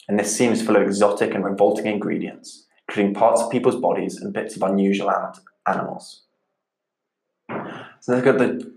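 Guy teaching a lit lesson, lowish voice, steady and explainy, kinda roomy echo on it. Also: vocal fry. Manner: measured, explanatory, repeats key points. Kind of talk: literature lesson. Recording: echoey room.

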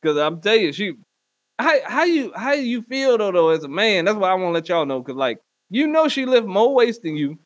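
A man delivering a loud, profane comedic rant and often slipping into mock voices. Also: high-pitched, very animated, fairly quick, no echo. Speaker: comedy podcast host. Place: Northwest Arkansas.

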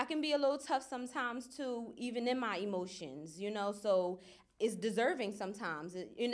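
A young woman opens up in a casual group discussion. She sounds candid and self-aware, and her voice sits at an ordinary middle pitch.

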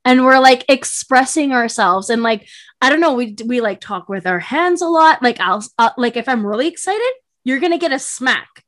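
A woman's voice: high-pitched, expressive, normal speed, a bit bright. A woman co-hosting a casual chat podcast, talking in a passionate, rambling way full of fillers. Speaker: podcast co-host.

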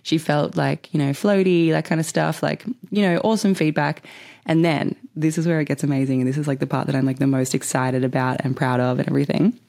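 Chatty, excitable woman telling a story. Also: sits low, a little fast, vocal fry. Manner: chatty and excitable, heavy use of filler "like", frequent swearing. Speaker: podcast host and Reiki practitioner. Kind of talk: casual storytelling podcast.

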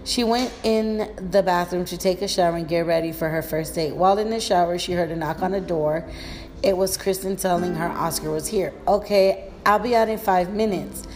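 A woman's voice: fairly low pitch, fairly even intonation, fairly quick, darkish tone. A woman reading a story aloud in a plain manner, with small slips and restarts.

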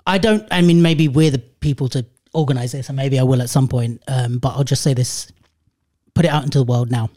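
A man's voice: a little high, warm tone. A man hosting a podcast in casual chat, rambling and thinking aloud with restarts. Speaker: podcast host.

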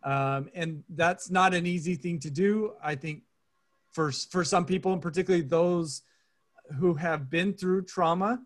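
Male author guest, fairly high voice, eager, reflective interview delivery. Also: measured pace. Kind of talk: casual interview chat.

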